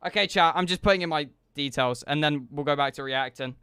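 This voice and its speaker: A man's voice: fairly high pitch, brisk, clear, resonant tone, no echo, studio quality. A young man, a streamer, chatting casually and joking back and forth with his live chat. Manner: animated, joking banter with chat.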